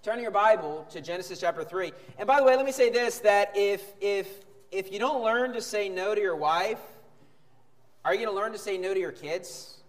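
Emphatic high-voiced male preacher, echoing hall. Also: normal speed. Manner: emphatic, swings from shouting to calm. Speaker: pastor. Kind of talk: sermon. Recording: long hall reverb.

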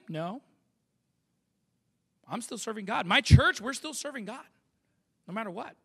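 A man's voice: sits high, expressive, normal speed. A male pastor preaching a sermon, emphatic and fond of rhetorical questions.

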